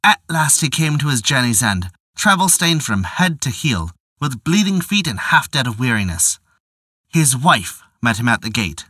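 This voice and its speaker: Man, storyteller, bright clear tone, lively melodic delivery, dry close recording. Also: mid-range voice, no echo. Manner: measured, old-fashioned storytelling. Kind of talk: scripted narration of a folk tale.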